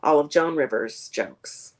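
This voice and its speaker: Woman comic on a video call, deep-ish voice, lots of ums and likes. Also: a little slow. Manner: rambling, many fillers, searching for names. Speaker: guest comedian. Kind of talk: casual interview chat. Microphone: streamed video call.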